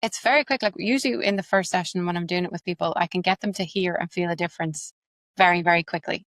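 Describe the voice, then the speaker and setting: A woman with an Irish accent, an accent coach and actress, explaining her methods quickly and animatedly in an interview. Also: fairly low pitch, no echo. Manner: fast, animated, explains with examples.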